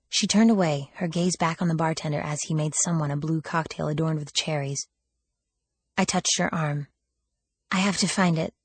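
Husky low-voiced woman narrating. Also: no room sound. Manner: wry, lively first-person storytelling. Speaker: audiobook narrator. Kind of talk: first-person audiobook narration.

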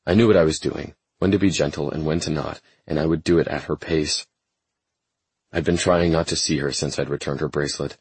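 A man narrating a first-person romance audiobook in a measured, brooding, intense way. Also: rumbling low, steady tone, darkish tone, slightly rough, dry recording.

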